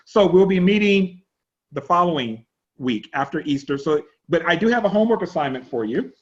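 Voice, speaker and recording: A man pastor teaching an online class in a chatty, animated storytelling way over a video call. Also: on the high side, moderate pace. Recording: dull lo-fi online call audio.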